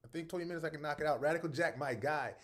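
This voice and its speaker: A middle-aged man from the American South, hosting a casual livestream. He greets viewers one by one by name with upbeat energy, then drops to a soft, earnest tone. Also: on the high side, racing. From North Charleston, South Carolina. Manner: soft and earnest when speaking from the heart. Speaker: livestream host.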